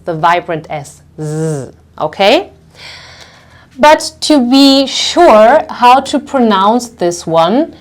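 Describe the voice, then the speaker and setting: Woman language teacher, patient and clear, mid-pitched, demonstrates sounds slowly, checks in often. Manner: patient, explains slowly with frequent "okay?" checks; demonstrates sounds by stretching them out. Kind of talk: pronunciation lesson.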